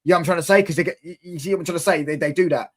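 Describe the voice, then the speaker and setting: A man's voice: fairly high pitch, rapid-fire, fairly bright tone. A man hosting a football reaction stream, ranting in exasperated casual chat and asking rhetorical questions.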